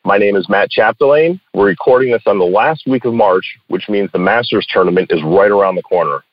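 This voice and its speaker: A male podcast host with a lowish voice asks friendly, joking questions. The recording is dry and a bit dull, like a lo-fi podcast. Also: brisk, dry recording. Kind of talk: casual interview chat.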